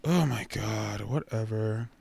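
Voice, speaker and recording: A man hosting a casual livestream chat, animated, jumping between loud excited outbursts and quieter asides. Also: fairly low pitch, slow pace, vocal fry, breathy edge. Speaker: livestream host.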